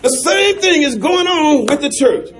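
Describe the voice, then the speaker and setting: High-voiced man preaching a sermon. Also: expressive, unhurried. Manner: preaching with rising shouts and chuckles. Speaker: pastor.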